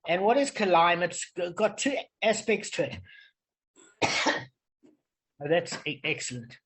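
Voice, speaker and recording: A man's voice: sits high, very animated, measured pace, fairly bright tone. Male study leader, patient and digressive, call audio. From South Africa. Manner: patient, digressive explaining, often checks understanding. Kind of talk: online group Talmud lesson.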